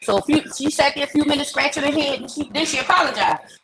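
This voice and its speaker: A woman hosts a live stream, telling a story with animation and playing out each exchange. Her voice sits high. A steady crowd murmur runs underneath. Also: fast talker, few pauses, rough recording. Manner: animated, acts out dialogue. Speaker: host.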